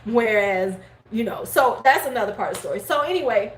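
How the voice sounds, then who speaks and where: Middle-aged woman vlogger, lively storyteller who cusses and acts out family voices, slightly high voice, echoey room. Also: brisk. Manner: animated, swears freely, acts out relatives' words. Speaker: beauty vlogger hosting a live stream. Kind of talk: casual storytelling chat. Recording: roomy echo, faint background noise.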